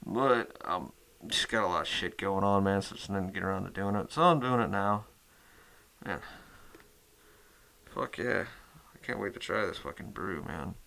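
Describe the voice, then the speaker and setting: A man's voice: sits low, normal speed, creaky, pauses often, pushed and bright. A man hosting his metal music channel in a rambling casual chat, cursing constantly and full of fillers.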